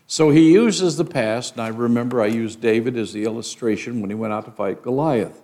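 A man's voice: mid-range voice, a little fast, hardly any pauses, dark tone. An older man teaching a Bible lesson as a sermon, speaking conversationally with frequent fillers and restarts.

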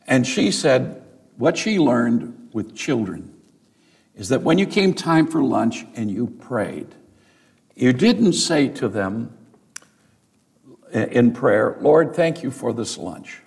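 A male pastor preaching a sermon in an unhurried, deliberate way. His voice has a gravelly edge, and his pitch swings widely as he tells stories and rises to emphatic peaks while speaking straight to his congregation. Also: lively intonation. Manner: addresses the congregation directly, with storytelling asides.

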